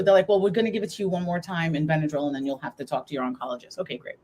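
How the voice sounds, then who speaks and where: A woman's voice: fairly low pitch, fast, a little mellow. Emotional woman recounting a hard ordeal. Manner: tearful, holding back emotion while telling her story. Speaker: guest. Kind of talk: emotional personal story in a live talk.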